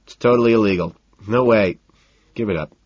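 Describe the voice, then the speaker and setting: A man's voice: on the low side, fairly quick, darkish tone, breathy edge, no echo, muffled recording. A man voicing a sarcastic, stubborn male limo driver with a smug, mocking manner.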